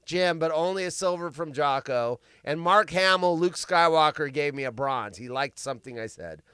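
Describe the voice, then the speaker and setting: A man hosting a live show in casual chat, rambling and often bursting into yelling. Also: sits high, smooth, no room sound, studio quality. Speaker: podcast host.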